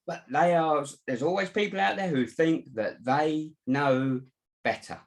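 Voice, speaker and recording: A man's voice: on the high side, unhurried, gravelly. A man, a mindset coach, giving earnest advice in a casual chat and often saying "you know". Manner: earnest, advising, many "you know" fillers.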